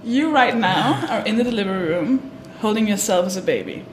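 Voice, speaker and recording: A woman's voice: mid-range voice, expressive, brisk, a little hiss or hum. Playful woman host in an echoey room. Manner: playful, teasing, laughs often. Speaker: podcast host. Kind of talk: casual interview conversation.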